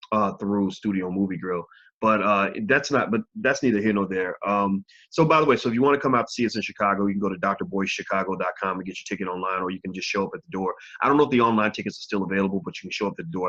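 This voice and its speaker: This is a man with a lowish voice, hosting a casual livestream and talking straight to his viewers. He is frank and swears without holding back. The audio is dull and lo-fi. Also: a bit bright. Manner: frank, talks to viewers directly, swears freely. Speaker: host of a live video channel.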